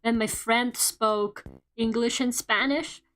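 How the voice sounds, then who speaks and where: A woman's voice: fairly high pitch, steady tone, slow, a bit bright. A woman streamer chatting casually while she draws, rambling, swearing and laughing, with "like" in nearly every sentence. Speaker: VTuber streamer.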